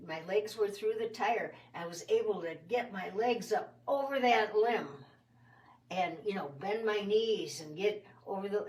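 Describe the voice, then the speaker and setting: A woman telling a children's story in a folksy, expressive first-person way. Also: mid-range voice, far from the mic. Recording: roomy sound from off the mic.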